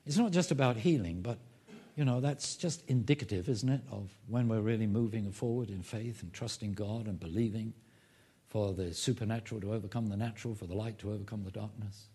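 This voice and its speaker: Emphatic husky-voiced male pastor preaching. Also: lowish voice, fairly quick. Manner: emphatic preaching, swells loud on key phrases. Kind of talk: sermon.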